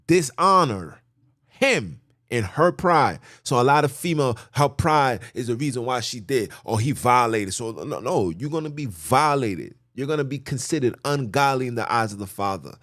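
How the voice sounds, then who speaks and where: A man's voice: medium pitch, animated, unhurried, fairly bright tone, dry recording, clean studio sound. A man hosting a podcast, reading scripture aloud and preaching on it in a blunt, emphatic, repetitive, informal way. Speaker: podcast host teaching scripture.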